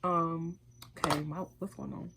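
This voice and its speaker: A young woman vlogger telling a casual, animated storytime, full of swearing and acted-out quotes. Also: sits low, a little slow, background noise. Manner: animated, profane, quoting herself in voices.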